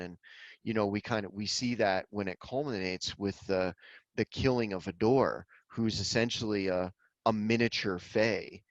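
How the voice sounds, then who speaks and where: A man's voice: lowish voice, no echo, muffled recording. A man co-hosting a podcast, talking earnestly through a film and often repeating words as he gathers his thoughts. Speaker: podcast co-host. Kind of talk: casual film discussion.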